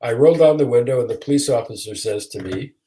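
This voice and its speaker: A man's voice: mid-range voice, quick pace, dark tone. A man in his sixties from Michigan, a guest attorney telling a story with self-deprecating humor over a video call. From Michigan, USA. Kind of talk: storytelling in a casual interview.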